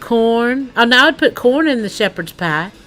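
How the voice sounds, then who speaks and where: Woman, casual livestreamer; bright, crisp tone, rambling chatty delivery aimed at the chat. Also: a little high, animated, a little slow, faint music behind.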